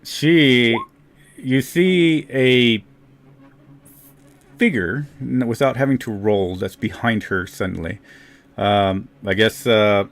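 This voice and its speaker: A man's voice: medium pitch, takes it slowly, long pauses. A man narrating a tabletop game as game master, in a loose, rambling way. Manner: loose, rambling, fillers and restarts.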